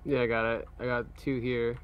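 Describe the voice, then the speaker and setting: A man's voice: mid-range voice, little pitch movement, normal speed, clear, resonant tone, lo-fi sound. A man chatting casually while setting up a roleplay game, joking and laughing often. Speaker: roleplay streamer. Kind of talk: casual gaming chat.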